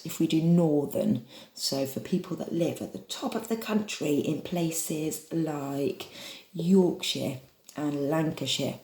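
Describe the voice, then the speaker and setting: A woman's voice: deep voice, warm tone. A woman from England leading an online drama lesson for children, chatty and encouraging as she demonstrates reading aloud. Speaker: drama teacher. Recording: echoey room.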